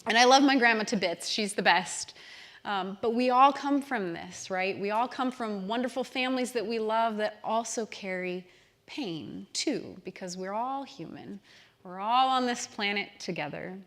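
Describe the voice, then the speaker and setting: A woman's voice: mid-range voice, moderate pace, a bit bright. A young adult woman giving an earnest church talk to a live audience, guiding listeners through an imagined scene. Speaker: church workshop speaker.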